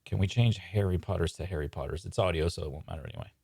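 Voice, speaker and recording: A man's voice: deep voice, very fast, creaky, dark tone, slightly rough, no echo, clean studio sound. A man writing comedy live on stream, talking casually and hesitantly with many fillers. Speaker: sketch writer and streamer. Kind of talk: live sketch-writing chat.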